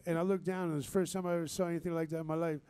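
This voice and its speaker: A man shares stories at a live music venue. He rambles warmly, with restarts and Southern slang. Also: on the high side, little pitch movement, rapid-fire. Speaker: band member. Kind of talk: heartfelt live storytelling.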